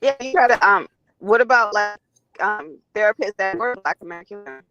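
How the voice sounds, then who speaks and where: A woman calling in as a guest, chatting in a friendly, relaxed way. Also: medium pitch, fairly quick, no room sound, highs cut off, soft background music. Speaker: guest caller. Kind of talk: casual chat. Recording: dry, dropping online call line.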